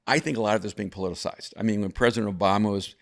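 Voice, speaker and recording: Brief: older male guest, low voice, thoughtful storyteller who restarts his sentences. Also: fairly even intonation, racing, vocal fry. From El Salvador. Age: over 50. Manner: reflective, frequent restarts and repeated words. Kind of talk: conversational storytelling.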